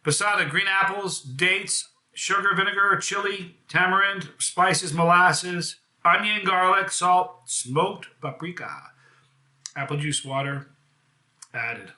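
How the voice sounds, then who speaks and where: A man's voice: high voice, takes it slowly, pushed and bright, reverberant. A man from the United States hosting a casual live hot sauce review, chatty and enthusiastic, with self-deprecating jokes.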